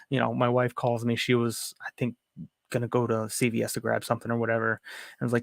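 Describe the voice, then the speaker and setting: A man's voice: medium pitch, little pitch movement, fast talker, gravelly, dry recording, clean studio sound. A young man telling a frustrated, rambling story in a casual home vlog. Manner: rambling, restarts, frustrated retelling. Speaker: aquarium hobby vlogger. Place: home room.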